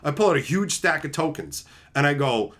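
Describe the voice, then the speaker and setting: A man's voice: on the high side, sing-song, a little fast, a bit bright. A man hosting a stream, telling profane anecdotes in casual chat and acting out both sides of each exchange. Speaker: streamer host.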